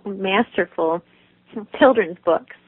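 A woman guest in a conversational interview, with a gentle, nurturing tone, telling stories and laughing easily. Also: medium pitch, slow pace, breathy edge, no echo. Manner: warm storytelling, laughs easily. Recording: phone-like line, dry.

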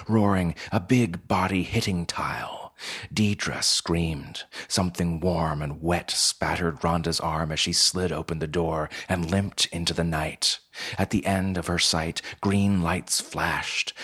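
A man with a husky voice reading a story in measured, steady scripted narration. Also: sits low.

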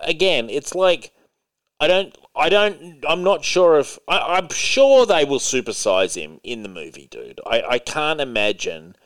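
A man's voice: fairly high pitch, lively intonation, unhurried, fairly bright tone. Laughing man hosting a casual podcast. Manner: laughs often, reads news items, swears casually. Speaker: podcast host. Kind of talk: casual chat.

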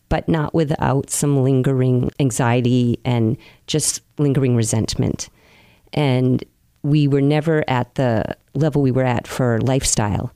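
A woman recounting her life in an interview, earnest and open, with soft pauses as she reflects. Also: very deep voice, no echo. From New England, US. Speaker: interview guest.

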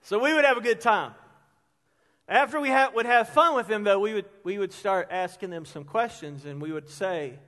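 A middle-aged man preaching a sermon as a pastor, telling stories with energy and dropping to a hush for emphasis. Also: high-pitched, a little fast. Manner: animated storyteller, drops to a hush for emphasis. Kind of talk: sermon with storytelling. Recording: long hall reverb.

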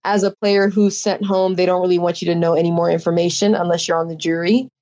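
A young woman recounting her experience as a contestant in a casual, emotional interview. Her voice sits slightly low. She rambles, fills her sentences with little fillers, and circles back on her thoughts. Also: flat delivery, quick pace, dark tone, dull audio. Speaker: reality show contestant, guest.

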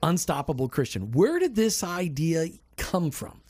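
A radio host with a somewhat high voice for a man interviews his guests. He is affable and chuckles easily, mixing his own thoughts in with the questions. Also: sing-song, unhurried, darkish tone, no room sound.

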